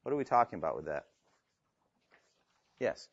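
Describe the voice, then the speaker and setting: A man's voice: low voice, very animated, normal speed, vocal fry, husky, dry recording, dull audio. A man teaching a class on evangelism, reading Bible passages aloud with emphasis and putting questions to his students. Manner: reads scripture aloud with rising emphasis, asks the class questions. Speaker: evangelism instructor. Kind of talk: classroom lecture with scripture reading.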